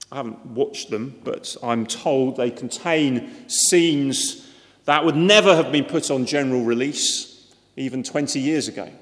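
Earnest man preaching in a hall. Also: medium pitch. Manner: earnest, emphatic with repeated words. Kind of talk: sermon. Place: church. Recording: reverberant church hall.

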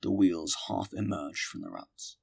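A man reading a classic novel aloud as an audiobook, measured and steady. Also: low voice, vocal fry. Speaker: audiobook narrator. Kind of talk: scripted audiobook narration.

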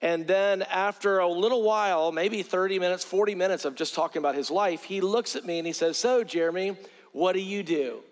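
A man's voice: sits high, brisk. A middle-aged male evangelist from South Carolina, preaching a sermon with stories and repeating words earnestly as he builds a point. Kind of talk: sermon with storytelling. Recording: long hall reverb.

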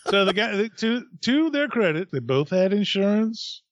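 A middle-aged man, a podcast co-host, telling a profane, animated story in casual chat. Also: sits high, moderate pace, dry recording.

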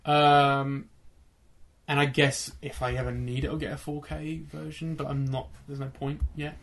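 A man's voice: medium pitch, level tone, gravelly, fairly bright tone. A man chatting casually, rambling and correcting himself as he goes. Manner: rambling, self-correcting, quick. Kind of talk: casual chat.

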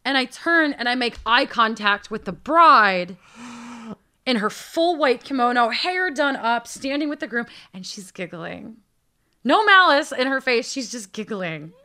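A young woman tells a story on a podcast with a bright, clear tone. She delivers it in an animated way, dropping to a hush and then bursting loud as she acts out the people in her story. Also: fairly high pitch, a little slow. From United States. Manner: lively, acts out the people in her story with big shifts in loudness. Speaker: podcast co-host.

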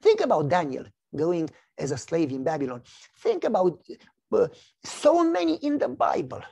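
Animated gravelly male preacher. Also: sits high, moderate pace. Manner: animated storytelling, acts out voices. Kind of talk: sermon with personal testimony.

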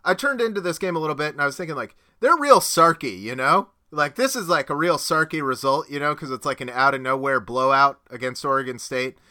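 A man's voice: a little high, a little fast, hardly any pauses, sharp tone. A man hosting a casual sports podcast, chatty and joking, laughing often between points. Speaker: podcast co-host. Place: home podcast studio.

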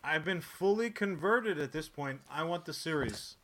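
A man co-hosting a podcast, chatting in a laid-back way and hyping up sponsor reads loudly. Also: a little high, expressive, moderate pace. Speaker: podcast co-host. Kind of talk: casual chat and sponsor reads.

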